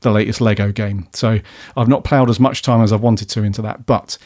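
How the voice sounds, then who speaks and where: A man's voice: on the low side, fairly even intonation, brisk, darkish tone. Chatty, jokey male podcast host. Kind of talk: casual podcast chat.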